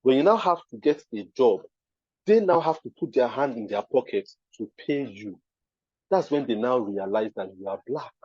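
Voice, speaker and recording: A man's voice: medium pitch, animated, normal speed, a little mellow, slightly rough, no echo, muffled recording. A man with a Nigerian accent giving an emphatic live talk at a design event, often checking that the audience understands. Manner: emphatic, keeps asking "you understand?".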